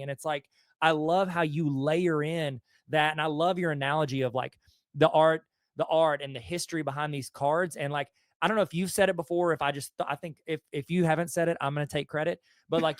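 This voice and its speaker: A man with a Southern US accent and a fairly high voice talks as a host in easygoing chat. He tells stories with enthusiasm. The sound is close and dry, with no room around it. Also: dry recording. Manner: enthusiastic storytelling. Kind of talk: casual conversation.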